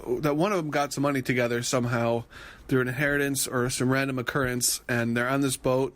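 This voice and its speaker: A man in casual podcast chat, animatedly retelling scenes from a reality show. His pitch sits in an ordinary middle range. He rambles and restarts his sentences as he goes. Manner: animated retelling, mimics quoted people. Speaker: podcast co-host.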